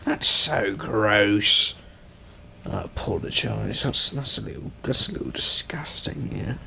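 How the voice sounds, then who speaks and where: A man voicing a drowsy, apologetic male ASMR roleplayer in a put-on British accent, soft and drawn out. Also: fairly low pitch, a little slow, vocal fry, husky, heavily acted.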